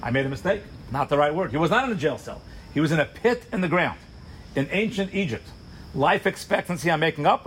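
Male Torah teacher, higher-than-average voice, rapid-fire animated storytelling for a live room, faint background hum. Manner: fast, animated storytelling with rhetorical questions and acted asides. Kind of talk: sermon-style Torah class.

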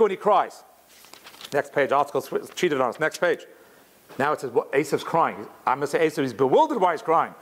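Here the Torah teacher's pitch is fairly high and his pace fairly quick. He walks through commentary with animation, often starting over and weaving Hebrew words into his explanation.

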